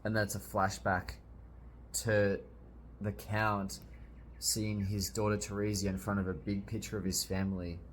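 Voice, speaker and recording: Excitable low-voiced young man reacting. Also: a little slow, a little hiss or hum. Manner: excitable, swears often, bursts into loud exclamations. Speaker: manga reviewer. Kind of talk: casual reading reaction.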